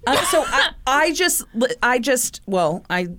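A woman co-hosts a podcast, chatting casually and telling stories with lots of fillers. Her voice sits a little higher than most. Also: big pitch swings, a little slow, bright, forceful tone. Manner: chatty storytelling with many fillers. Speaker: podcast co-host. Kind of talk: casual chat.

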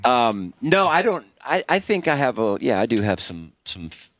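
A man hosting a podcast, telling stories in a casual, animated way and laughing often. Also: mid-range voice, normal speed, no echo. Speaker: podcast host and performer. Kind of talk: casual chat and storytelling.

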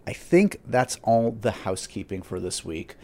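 A fairly low-voiced man hosting a podcast. He talks in a loose, chatty way, stumbling over words and restarting sentences, and jokes about himself. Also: sing-song, normal speed, mellow. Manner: chatty, self-deprecating, many fillers and restarts. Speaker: podcast host. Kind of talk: casual podcast chat.

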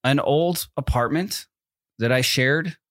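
A man's voice: mid-range voice, slow pace, a bit bright, no echo, studio quality. A man in his thirties, co-hosting a podcast in casual chat, rambling through a story with many fillers and acted-out quotes. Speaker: podcast co-host.

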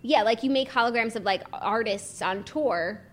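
Bubbly young woman with a higher voice. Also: moderate pace. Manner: bubbly, jokey, reads news stories aloud. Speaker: podcast co-host. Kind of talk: comedic royal role-play chat.

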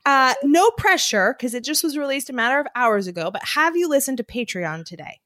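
An upbeat woman co-hosts a casual podcast, answering with quick, agreeable replies. Her high voice comes through close and dry, with no room echo. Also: expressive, pushed and bright. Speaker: podcast co-host. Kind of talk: casual chat.

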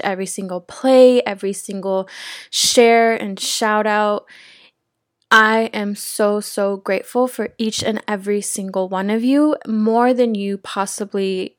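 A woman's voice: medium pitch, no echo, clean studio sound. A young adult woman hosting a casual wellness podcast, earnest and effusive, a little out of breath. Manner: earnest, effusive and grateful, repeating words for emphasis. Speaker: podcast host.

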